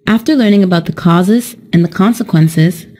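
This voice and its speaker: A young adult woman teaching an English lesson in a slow, careful, explanatory way, scripted narration. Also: on the low side, warm tone.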